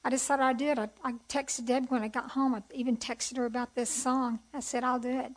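A woman's voice: high voice, level tone, brisk, rough recording. Earnest woman giving a testimony talk. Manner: earnest, conversational, asks rhetorical questions. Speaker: women's conference speaker. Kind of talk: testimony sermon.

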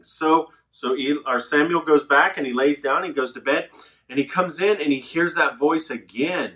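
A man teaching a children's Bible lesson, telling stories in a lively way and acting out the characters' lines. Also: on the high side, normal speed. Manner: animated storytelling with voices. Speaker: children's pastor.

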